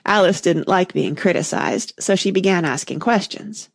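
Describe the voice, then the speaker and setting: A woman narrating a classic children's story aloud in an expressive, measured reading style. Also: lowish voice, gravelly, husky, no echo, studio quality.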